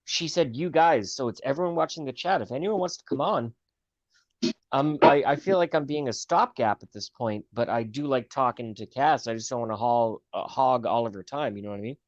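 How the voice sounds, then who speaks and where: An American man joins a livestream as a guest in casual call-in chat, joking wryly and wandering into meandering asides. His medium-pitched voice is brisk, and the video-call audio is dry, dull and lo-fi with no echo.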